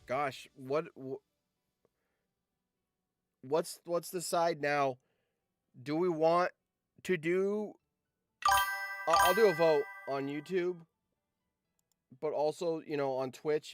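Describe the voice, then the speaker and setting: A man's voice: fairly high pitch, a little slow, long pauses, faint music behind. Laughing man streaming a game. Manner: laughs often, reads out results, swears. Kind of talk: casual game commentary.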